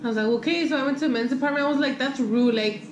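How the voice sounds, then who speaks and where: High-voiced woman. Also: rapid-fire, reverberant, highs cut off, a little hiss or hum. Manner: switches between English and Spanish, swears freely; animated retelling with quoted dialogue. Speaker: vlogger. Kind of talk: casual storytime chat.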